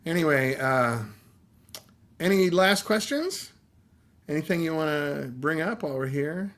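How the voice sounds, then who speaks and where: A man's voice: medium pitch, a little fast, a bit bright. A tired middle-aged man hosting a live stream, chatting casually in a rambling, easygoing way that trails off and restarts. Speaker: livestream host.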